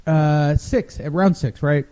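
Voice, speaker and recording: A man's voice: on the high side, slow pace, mellow, smooth. A man co-hosting a casual sports talk show, recapping fights in a wry, rambling way. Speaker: podcast co-host.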